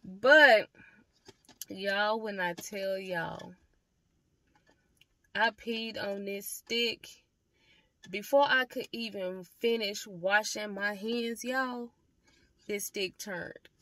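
A young woman telling a storytime vlog to the camera, animated and swearing freely as she talks to her viewers. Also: mid-range voice, very slow, pauses often, dry recording. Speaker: vlogger.

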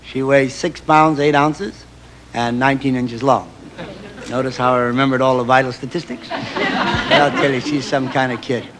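A middle-aged man telling a folksy comic story as a stand-up monologue, stammering when excited. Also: medium pitch, normal speed, a loud crowd. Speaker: comedian guest. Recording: live TV audience, noisy old broadcast. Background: audience laughter.

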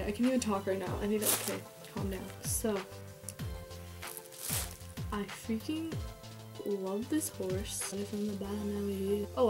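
A woman from Canada films a home unboxing vlog, gushing breathlessly and bubbling over with excitement. Her voice sits at an ordinary middle pitch. Clear music plays under her talk. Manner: gushing, breathless, talks to her pet and the camera. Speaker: vlogger. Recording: background music.

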